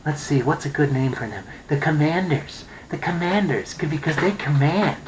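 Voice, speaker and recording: A man's voice: a little high, moderate pace, slight background noise, close to an everyday voice, poor audio. A man putting on the voice of a smug, scheming male team owner, sneering and self-satisfied.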